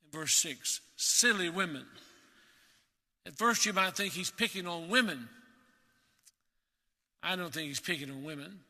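A man preaching a sermon in an earnest, emphatic way, slowing down to stress key words. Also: a little high, sharp tone, in a large hall.

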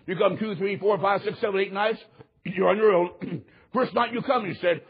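A man's voice: high voice, normal speed, slightly rough, lo-fi sound. A man preaching a sermon, telling a story with drama and quoting people in varied voices. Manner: dramatic, quotes others in changing voices.

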